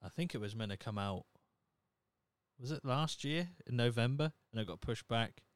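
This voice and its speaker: A man's voice: medium pitch, expressive, normal speed, smooth, dry recording. Blunt, sweary male podcast host. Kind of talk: casual solo podcast rant.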